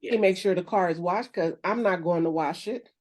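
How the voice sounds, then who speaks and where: A middle-aged woman co-hosting a relaxed faith conversation. She talks quickly and playfully, jumping into high squeaky voices when she quotes herself and others. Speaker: podcast co-host. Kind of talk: casual faith chat.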